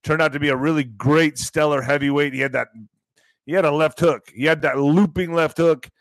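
A male host of a live online commentary show, talking in a rambling, excitable way that sometimes bursts into shouting. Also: fairly high pitch, brisk, dry recording.

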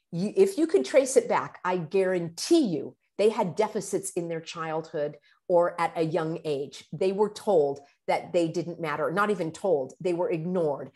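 Earnest woman giving self-help advice. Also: lowish voice. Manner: earnest, animated, drops to hushed tone for quoted prayers and phrases. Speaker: YouTube advice host. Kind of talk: motivational self-help talk.

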